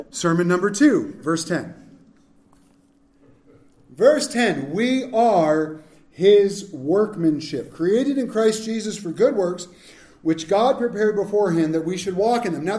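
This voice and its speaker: Male pastor, high voice, animated sermon delivery, echoey church hall. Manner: animated preaching that swings from loud to hushed.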